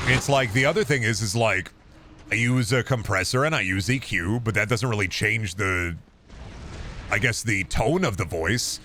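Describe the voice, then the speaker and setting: A man in his thirties with a deep, trained voice, chatting casually on stream, rambling with lots of restarts and the odd swear. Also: normal speed, sharp tone, a little hiss or hum. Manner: trained performance voice.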